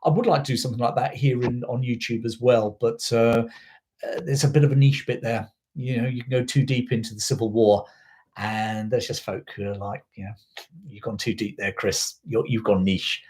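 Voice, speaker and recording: A man's voice: mid-range voice, steady tone, fairly quick, darkish tone. A middle-aged man brought up in South Africa, hosting a history channel in a casual, rambling live chat, full of digressions and fillers.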